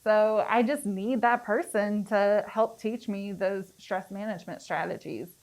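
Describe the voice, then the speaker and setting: A woman's voice: medium pitch, unhurried, a little mellow, low-quality recording. Earnest young woman public health educator. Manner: earnest, encouraging, talking-point delivery. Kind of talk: panel discussion.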